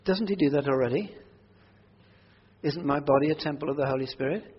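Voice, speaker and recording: Male preacher, husky voice, earnest and emphatic, recorded dull with long hall reverb. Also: fairly high pitch, brisk. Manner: earnest, swings from quiet prayerful asides to loud emphatic declarations. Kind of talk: sermon. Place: church hall.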